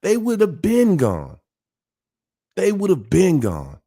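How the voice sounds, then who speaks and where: A man's voice: sits high, wildly swooping pitch, slow pace, dark tone, husky. A man hosting a livestream, talking to viewers in a repetitive, emphatic, preachy way. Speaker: livestream host. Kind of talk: casual livestream talk.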